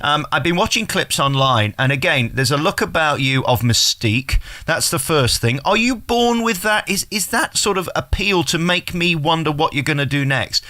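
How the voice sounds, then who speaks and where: A man's voice: on the high side, lively intonation, moderate pace, hardly any pauses, sharp tone. A man hosting a radio interview show, chatty and effusive, asking leading questions.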